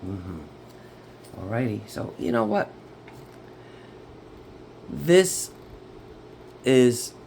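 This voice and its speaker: A man's voice: lowish voice, a little mellow, slight background noise. A man talking through a tarot reading at home in a chatty way. He keeps checking in with his listeners. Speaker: tarot reader. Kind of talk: casual tarot reading to camera.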